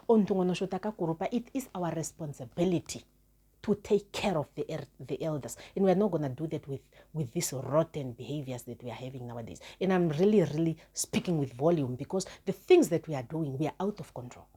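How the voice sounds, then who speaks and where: A woman's voice: deep voice, expressive, fairly quick, warm tone, breathy edge. A woman vlogger giving an impassioned moral talk to her viewers, earnest and emphatic, repeating words for stress. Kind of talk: impassioned moral address to camera.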